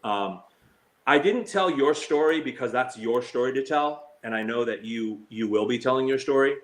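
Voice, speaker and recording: At a moderate pace and with an expressive voice, a slots streamer vents on a live stream, hurt and heated, stumbling through fillers and restarts. Anyone he quotes gets mocked in a shrill high pitch.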